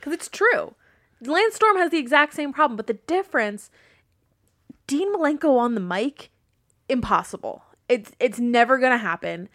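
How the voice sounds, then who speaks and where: Woman co-host, fairly high voice, blunt and animated, dry close mic. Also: moderate pace, no room sound. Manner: animated, blunt, swears freely, acts out quotes. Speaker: podcast co-host. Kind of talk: casual wrestling recap chat.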